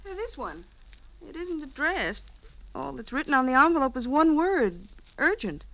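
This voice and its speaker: An actress playing a caring grown daughter in a 1940s-style radio drama, attentive and solicitous. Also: female voice, high-pitched, big pitch swings, moderate pace, muffled recording, heavily acted. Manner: bright, solicitous. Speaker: actor.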